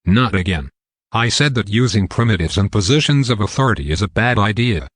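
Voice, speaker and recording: A synthetic male text-to-speech voice voicing a weary, stern military colonel in a storybook reading, with a flat delivery. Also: fairly low pitch, fairly quick, no echo. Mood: irritated.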